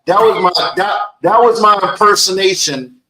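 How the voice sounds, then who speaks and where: A man hosting a casual interview, animated and joking, often stumbling and repeating words. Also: sits high, moderate pace, crowd noise, rough recording. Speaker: interview host.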